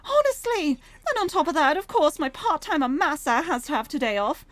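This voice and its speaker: A British woman voicing a chatty older woman who runs a noodle shop, fussy and complaining in a high sing-song voice. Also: sing-song, brisk.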